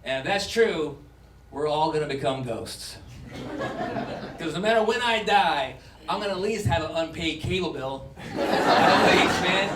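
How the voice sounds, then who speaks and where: A man in his forties doing a stand-up set, jumping into quick character voices as he talks. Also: on the high side, animated. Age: 40s. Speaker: stand-up comedian. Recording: roomy club sound from a distant mic, loud crowd noise.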